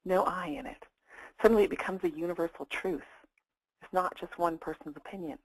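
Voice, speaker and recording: A woman's voice: lowish voice, brisk, no echo, rough recording. A woman career coach giving a plain-spoken, conversational webinar talk.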